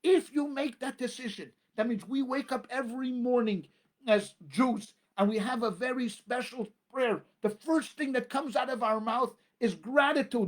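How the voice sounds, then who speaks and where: Emphatic rabbi preaching, man. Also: extremely high pitch. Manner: emphatic, repetitive preaching with dramatic pauses. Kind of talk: sermon.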